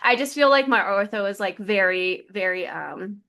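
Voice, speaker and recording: A woman co-hosting a podcast, telling stories in a lively casual chat full of "like" fillers. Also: medium pitch, normal speed. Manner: lively storyteller, many "like" fillers. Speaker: podcast co-host.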